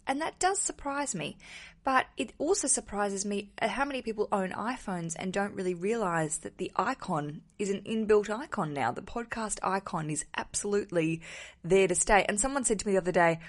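A woman hosting a wedding podcast alone from a hotel room, talking casually with a slightly rough morning voice and a cheeky, self-mocking, rambling manner. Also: mid-range voice, moderate pace. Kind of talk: casual solo podcast monologue. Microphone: wearing headphones.

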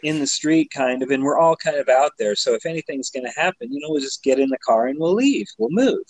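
A man's voice: medium pitch, a little fast, poor audio. Tipsy man telling a rambling story. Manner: rambling, many fillers, laughing, swearing, animated when retelling. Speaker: podcast co-host telling a story. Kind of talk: casual storytelling chat.

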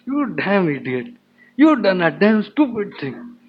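A man voicing the angry male yaksha lord Kubera, scolding and shouting. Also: sits high, normal speed, husky. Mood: furious scolding. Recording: dull lo-fi with faint ambience.

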